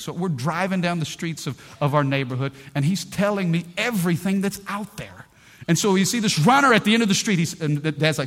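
Animated pastor, a man with a higher voice. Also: a little fast. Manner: animated storytelling, swinging between loud bursts and hushed lines; calls out to the congregation. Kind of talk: sermon. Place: church.

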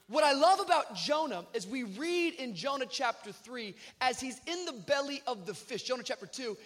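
A man with a very high voice delivers a sermon that drifts into comic storytelling. He acts out the voices of the people in the story, sometimes shouting in mock panic. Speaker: pastor.

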